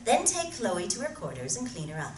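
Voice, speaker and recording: A woman's voice: medium pitch, huge pitch swings, fairly quick, a little mellow. Woman playing a bossy, cruel alien captain. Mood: commanding. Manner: bossy, barking orders, mocking. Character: cruel, commanding female alien starship captain. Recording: echoey room, mic far off, faint hiss.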